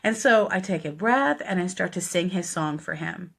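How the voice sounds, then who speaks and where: A middle-aged woman telling a heartfelt personal story as a death midwife, growing animated as she retells what was said. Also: lowish voice, normal speed, creaky, slightly rough. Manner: heartfelt, gets animated and laughs while retelling dialogue.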